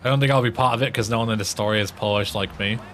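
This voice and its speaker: Man, English accent, game streamer, rambling casual chat, lots of cursing, deepish voice. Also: steady tone, very fast, a bit bright, slight background noise. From England. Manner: rambling, frequent swearing, many restarts.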